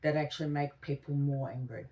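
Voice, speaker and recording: Deep-voiced woman, slightly off-mic. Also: steady tone, brisk, mellow, far from the mic. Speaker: podcast co-host. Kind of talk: reflective casual conversation.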